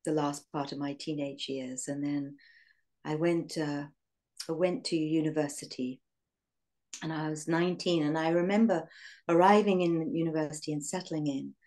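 A woman in her sixties with an English accent, reminiscing in an interview in a reflective, halting way with fillers and soft laughs. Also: low voice. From England. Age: 60s.

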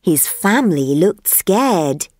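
A woman reads slowly and clearly for language learners, her voice rising and falling in a lively way. The recording is dry and close, with no room sound. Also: lowish voice, no echo. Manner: slow, clear, lively intonation. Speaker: reader of a textbook listening track. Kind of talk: slow scripted reading for learners.

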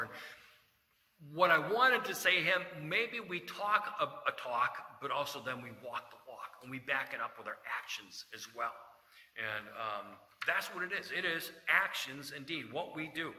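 A man's voice: mid-range voice, lively intonation, normal speed, pushed and bright. A middle-aged male pastor giving a folksy sermon, telling corny jokes and reading scripture. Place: church sanctuary. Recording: echoey church hall reverb.

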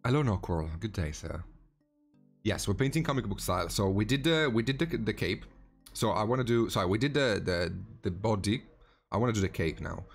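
Low-voiced man hosting a painting stream. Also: brisk, faint music behind. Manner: relaxed, greets viewers by name, frequent restarts. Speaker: miniature painting stream host. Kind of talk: casual live-stream chat while painting.

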